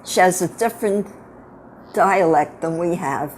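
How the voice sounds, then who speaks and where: A woman's voice: on the low side, unhurried, a little hiss or hum. An older woman in her eighties with a Brooklyn accent, telling her family stories from her girlhood in a frank, reminiscing way. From upstate New York. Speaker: grandmother telling her life story. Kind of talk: casual storytelling to family.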